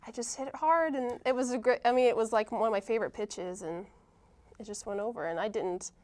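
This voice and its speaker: A young woman, a college softball player, answering interview questions casually, often pausing with ums and starting sentences over. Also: fairly high pitch. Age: young adult. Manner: hesitant, many ums and restarts.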